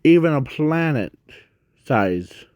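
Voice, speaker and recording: A man improvising a fan story in a rambling, halting way, often stopping to correct himself. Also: a little high, big pitch swings, darkish tone, no room sound.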